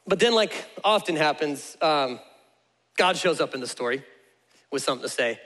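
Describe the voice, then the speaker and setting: A man preaching a sermon as a pastor, telling the story with playful, animated delivery and acting out the characters. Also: a little high, normal speed, in a large hall.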